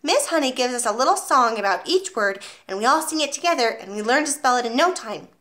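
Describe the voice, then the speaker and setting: A woman's voice: sits high, animated, fast, pushed and bright, pitched above the performer's own voice. A woman reading aloud and voicing a brave, eager little schoolboy who pipes up earnestly. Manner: piping, earnest.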